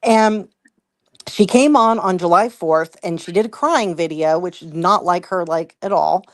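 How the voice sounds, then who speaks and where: A woman's voice: on the low side, a little slow, no echo, clean studio sound. A woman co-hosting a commentary podcast, retelling an online drama in a chatty, profane way with lots of "like.". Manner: chatty, profane, heavy use of "like". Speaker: podcast co-host. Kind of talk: casual commentary storytelling.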